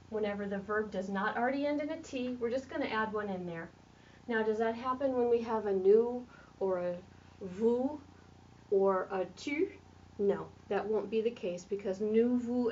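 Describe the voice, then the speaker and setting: A woman's voice: mid-range voice, darkish tone, slight background noise. A woman French teacher who explains questions step by step while writing on a board in a classroom. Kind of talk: classroom grammar lesson. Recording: distant lo-fi classroom recording.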